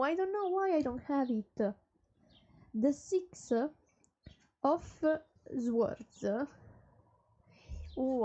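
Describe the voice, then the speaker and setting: A woman's voice: high-pitched, a little mellow, dry recording. A young woman streaming a coworking session, chatting casually with viewers and reading their messages aloud in a playful way.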